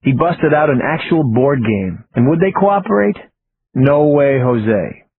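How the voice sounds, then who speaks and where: A man's voice: mid-range voice, lively intonation, unhurried, husky. Man narrating an audiobook on tinny audio. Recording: tinny phone-like audio with faint hiss.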